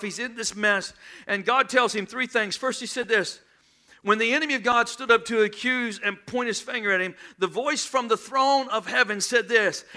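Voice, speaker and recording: A middle-aged man preaching a sermon as pastor, impassioned, shouting at times and calling for responses from the congregation. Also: extremely high pitch.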